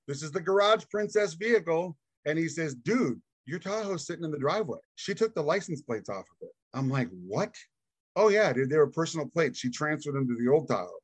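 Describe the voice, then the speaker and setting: A man's voice: a little high, lively intonation, fairly quick, breathy edge, no room sound. A man telling a long personal story as a podcast guest, acting out the voices of the people in it and laughing often. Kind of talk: casual storytelling interview.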